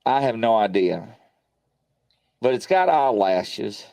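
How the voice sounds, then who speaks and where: A man hosting a paranormal show from his home studio, telling stories in a rambling, animated way full of fillers. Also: lowish voice, slow, gravelly, no room sound. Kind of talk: casual live-stream chat.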